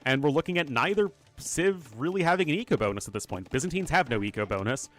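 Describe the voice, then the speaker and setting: Fast and animated, a man with a slightly high, somewhat bright voice casts a live strategy game, chatting casually, rambling off on tangents and speaking to his chat. Soft background music accompanies this esports commentary from a game caster and streamer.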